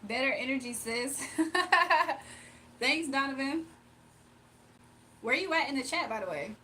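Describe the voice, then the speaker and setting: A young woman from Virginia hosting a casual livestream, reading comments aloud, emotional and quick to laugh. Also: high-pitched, sharp tone, a little hiss or hum. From Virginia, USA. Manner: emotional, giggly, talks to chat. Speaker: livestream host.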